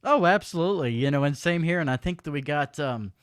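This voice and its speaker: Higher-pitched male interview host. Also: expressive, fast talker, clean tone, no room sound, clean studio sound. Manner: agreeable, laughs often. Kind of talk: casual live-stream interview.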